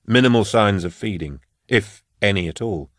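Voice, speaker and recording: A man voicing a quiet, awkward, melancholy male scientist who speaks in a soft, reserved and precise way. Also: lowish voice, animated, normal speed, dry recording, clean studio sound, close to an everyday voice.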